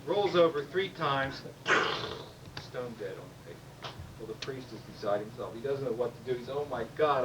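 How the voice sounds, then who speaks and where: A man telling a stand-up joke with lively storytelling and loud sound effects. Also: medium pitch, moderate pace. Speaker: stand-up comedian. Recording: distant mic, noisy room.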